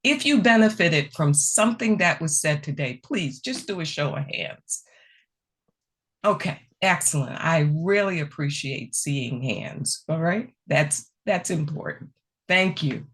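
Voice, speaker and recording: A woman presenting a speaking workshop, answering questions in a conversational, emphatic way over a video call. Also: measured pace. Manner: conversational, animated pitch, repeats key phrases.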